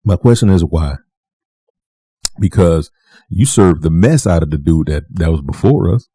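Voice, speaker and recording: Deep dark husky-voiced man telling a story. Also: normal speed, no room sound. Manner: animated, acts out dialogue with shifting voices; repeats himself for emphasis. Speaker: vlogger. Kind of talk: casual storytelling to camera.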